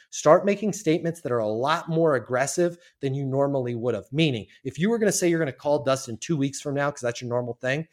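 A man with a somewhat raised pitch talks as a sales trainer on a podcast. He is emphatic and casual, throwing in mild swearing as he acts out sample sales calls. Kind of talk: energetic podcast coaching.

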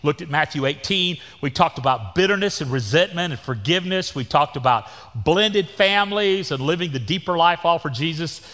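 A man's voice: a little high, animated, moderate pace, hardly any pauses, bright, forceful tone. A Texan man in his sixties preaching a sermon as pastor, with a folksy, joking manner and down-home sayings. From Texas. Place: church sanctuary. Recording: long church reverb.

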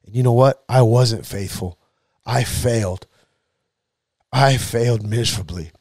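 Man, earnest preacher sharing a testimony, mid-pitched voice, dry close sound. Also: a little mellow, no echo. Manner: earnest, emotional, repetitive preaching cadence. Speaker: podcast host and preacher.

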